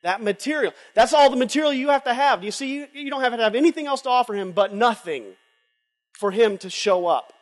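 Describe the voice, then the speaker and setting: A man preaching a sermon at a conference, moving between loud urging and hushed confession before a live audience. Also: very high-pitched, animated, quick pace. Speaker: conference speaker. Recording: long hall reverb from a live event.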